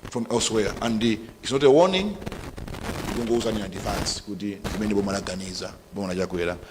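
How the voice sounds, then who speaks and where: Emphatic Malawian minister in a hall. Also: male voice, on the low side, a little mellow, a little hiss or hum. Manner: emphatic, defiant, mixes local language into English. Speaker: government trade minister. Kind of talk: press briefing statement. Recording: long hall reverb.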